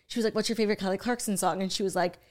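A woman's voice: mid-range voice, rapid-fire. A woman co-hosting a podcast, chatting casually as she retells a true crime documentary, swearing freely and acting out what people said. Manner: animated, swearing, acts out quotes. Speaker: podcast co-host.

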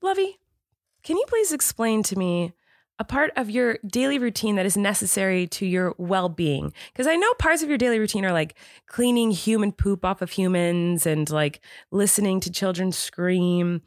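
A woman's voice: mid-range voice, animated, normal speed, dry recording, clean studio sound. A woman in her thirties co-hosting a podcast, reading an ad in a playful, giggly, joking way. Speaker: podcast co-host. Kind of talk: casual ad read.

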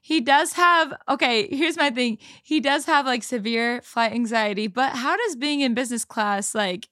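A woman's voice: a little high, moderate pace, sharp tone, no echo, studio quality. A woman co-hosting a podcast, chatting casually with frequent laughs and "like" fillers. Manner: giggly, lots of "like" and laughs. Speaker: podcast co-host. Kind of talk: casual chat.

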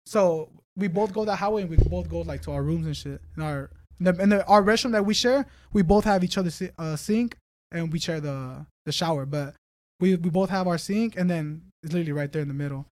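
High-voiced young man rambling casually. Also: brisk, a little mellow, no echo, studio quality. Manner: rambling, restarts often, swears casually. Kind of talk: casual chat.

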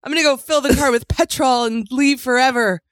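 A woman doing a grumpy British husband in a hammed-up put-on British accent, drawn out and fussy. The voice sits higher than her own low speaking voice. It is recorded close and dry, with no room sound. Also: brisk, dry recording, natural voice. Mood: mock-huffy.

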